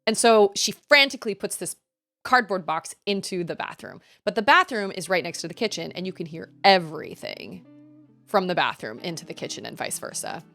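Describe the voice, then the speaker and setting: A woman livestreamer telling a story in a rambling, animated way, laughing often. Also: lowish voice, brisk, vocal fry, faint music behind.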